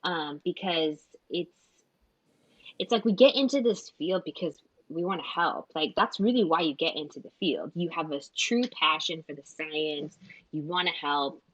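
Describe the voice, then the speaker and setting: A woman's voice: sits low, moderate pace, fairly bright tone, no room sound, highs cut off. A woman co-hosting a casual podcast who rambles, leaning heavily on filler words. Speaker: behavior analyst and podcast co-host.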